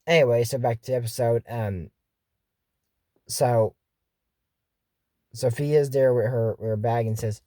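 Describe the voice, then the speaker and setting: A man's voice: mid-range voice, a little slow, long pauses, warm tone, dry recording. A man giving a casual, jokey recap of a cartoon episode, rambling through asides and retellings.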